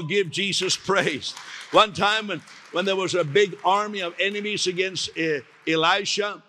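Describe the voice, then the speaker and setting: Animated male preacher in a reverberant hall. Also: fairly high pitch. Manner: animated preaching, acts out voices, laughs often. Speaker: pastor. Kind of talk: sermon.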